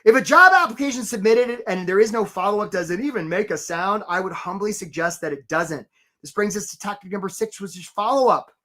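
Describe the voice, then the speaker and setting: A man's voice: sits high, fairly quick, sharp tone. A middle-aged man coaching job seekers in a live webinar, chatty and upbeat, greeting viewers by name. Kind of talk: energetic live webinar presentation.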